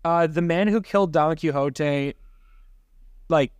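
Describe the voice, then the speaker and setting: A man's voice: fairly high pitch, slow pace, smooth, dry recording. A man co-hosting a casual podcast chat with dry, wry humor. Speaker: podcast co-host.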